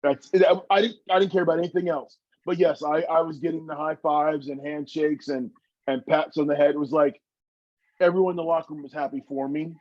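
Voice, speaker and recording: A man's voice: on the high side, steady tone, fairly quick, a little mellow, dry recording, highs cut off. A man, a former wrestler, telling stories from his career in an interview, earnest and emotional with many restarts. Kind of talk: reflective interview storytelling.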